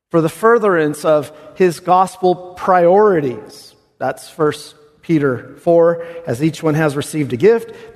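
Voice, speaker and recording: A man preaching an expository sermon, animated, swinging from hushed tones to exclamation. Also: a little high. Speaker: pastor. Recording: reverberant hall.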